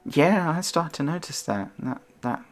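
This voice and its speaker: A woman's voice: low-pitched, animated, normal speed. A woman streamer chatting casually in a rambling, self-conscious way, her intonation rising and falling.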